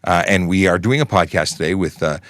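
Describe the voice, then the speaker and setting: A Canadian man in his forties hosts a casual livestream, chatting in an upbeat, rambling way. His voice sits slightly low. The sound is dry and close, with little room echo. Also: brisk, a bit bright. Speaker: livestream host, police constable.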